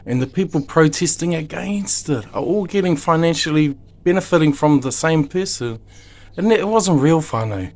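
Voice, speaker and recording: A man's voice: a little high, a little mellow. A father with a New Zealand accent giving an emotional, rambling monologue to camera, pleading and swearing heavily. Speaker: video maker. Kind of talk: impassioned direct-to-camera monologue.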